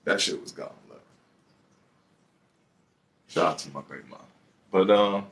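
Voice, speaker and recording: A man with a Detroit accent telling a story from his own life in a casual, profane, animated way. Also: low voice, unhurried, recorded from a distance.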